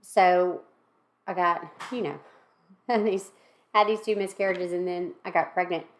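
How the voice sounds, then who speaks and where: Low-voiced woman gently asking questions. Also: fairly even intonation, measured pace. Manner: gentle, supportive, many mm-hmms. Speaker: host, older sister interviewing. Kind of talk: conversational interview.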